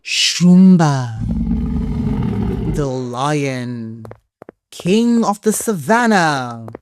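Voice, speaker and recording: Slow sing-song woman teaching toddlers. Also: low voice, expressive, noisy background. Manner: slow, sing-song, repeating each word. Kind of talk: slow flashcard-style word lesson for children.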